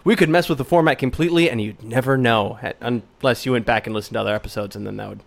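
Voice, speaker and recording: Male podcast host, casual chat, loose rambling questions, average pitch. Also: fast talker, gravelly.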